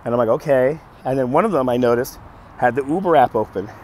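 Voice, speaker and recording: A hoarse man who keeps coughing, telling a story on a live stream in an animated, exasperated way. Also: medium pitch, fast talker, slight background noise. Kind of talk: casual storytelling to chat.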